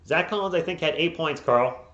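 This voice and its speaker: A man giving live play-by-play as a fan streamer, openly partisan and bursting into frustrated yelling at the players. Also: a little high, moderate pace. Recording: echoey, dull lo-fi home mic.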